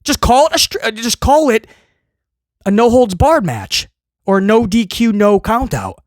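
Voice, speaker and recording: A man's voice: very high-pitched, very animated, a little slow, dry recording, clean studio sound. A man hosting a casual video review, ranting in a sarcastic, exasperated way and rambling with many restarts. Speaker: wrestling show reviewer, host.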